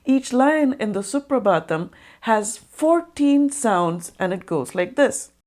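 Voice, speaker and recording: Woman explaining poetic rhythm over soft music. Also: fairly high pitch, animated. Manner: clear, deliberate explaining with spoken demonstrations of rhythm. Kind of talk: scripted educational narration.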